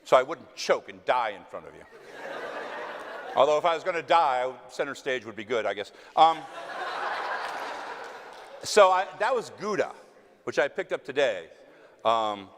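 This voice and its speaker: A man's voice: medium pitch, sing-song, moderate pace, long pauses, noisy background. A man with a Texan accent, an actor telling stories to an audience in a theater, self-mocking and acting out the voices he quotes. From West Texas. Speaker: actor answering audience questions. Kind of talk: casual storytelling Q&A. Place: theater stage. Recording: long hall reverb.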